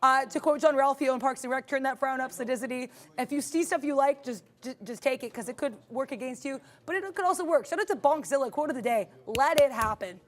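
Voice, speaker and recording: A woman's voice: high-pitched, fast talker, few pauses. A woman co-hosting a live trading stream, upbeat and chatty, often laughing as she talks through her trades. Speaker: day trader co-host.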